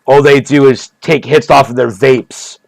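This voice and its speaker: A man's voice: mid-range voice, fairly even intonation, measured pace, gravelly, no room sound. A man rambling through a mock-serious comedic monologue, repeating himself often, in a streaming style.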